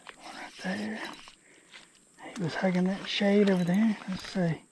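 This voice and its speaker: A man's voice: sits high, steady tone, measured pace, vocal fry, a little mellow, slight background noise. A man giving casual outdoor fishing commentary by a creek, folksy and talking to the fish. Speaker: fishing vlogger.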